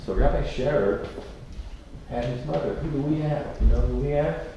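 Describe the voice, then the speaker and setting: A man giving a sermon as a rabbi, telling a story with lively, repeated words and restarts. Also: medium pitch, moderate pace. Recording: echoey room from far off, noisy.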